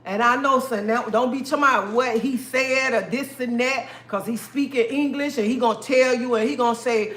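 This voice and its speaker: A woman's voice: fairly high pitch, steady tone, moderate pace, hardly any pauses, a bit bright. A woman hosting a live stream, talking straight to her viewers in an emphatic, repetitive way and calling them honey and baby. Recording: echoey room.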